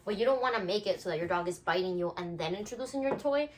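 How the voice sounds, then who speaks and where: Woman, dog trainer, casual how-to talk, mid-pitched, faint background noise. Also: animated, quick pace. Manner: explains to viewers while praising her puppy in between. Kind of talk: casual instructional video. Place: at home with her puppy.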